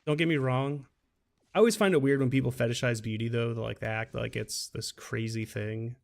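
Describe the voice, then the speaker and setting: Gravelly-voiced man rambling through stories. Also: medium pitch, fairly even intonation, moderate pace. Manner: rambling, restarts a lot, laughs at his own stories. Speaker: game streamer. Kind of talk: casual storytelling while gaming.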